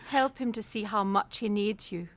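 A woman's voice: mid-range voice, normal speed, natural voice. A woman playing an elderly woman in her seventies who nurses a sick man and prays over him earnestly, in a radio drama. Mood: praying. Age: 70s. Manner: earnest, pleading prayer. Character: kindly elderly woman nursing and praying.

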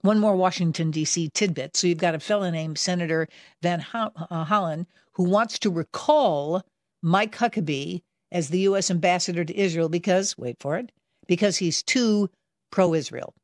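A woman's voice: lowish voice, normal speed, a little mellow, dry recording, studio quality. A woman hosting a Christian radio talk show, speaking emphatically and conversationally and building toward pointed questions.

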